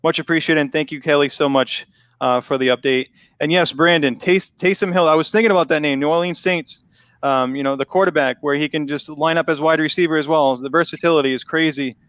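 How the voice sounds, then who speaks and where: A man with a Boston accent hosts a live football draft show, chatty and laughing easily as he reads picks. His voice sits a little high and sounds smooth and resonant. He is close on a dry mic. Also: a little fast, a bit bright, no echo. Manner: chatty, laughs often, restarts phrases. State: losing his voice. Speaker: host. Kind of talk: casual live draft commentary.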